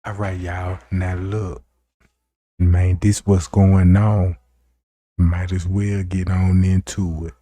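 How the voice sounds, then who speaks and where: Man, livestream host, slow drawl, warm dark tone, hyped and chatty. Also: sits low, flat delivery. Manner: hyped, chatty, addresses viewers directly. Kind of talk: casual livestream commentary.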